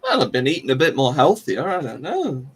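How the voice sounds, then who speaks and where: A livestream host chats casually with viewers, rambling, self-deprecating, restarting and laughing often. His medium-pitched voice is brisk, a bit bright and husky, with huge pitch swings.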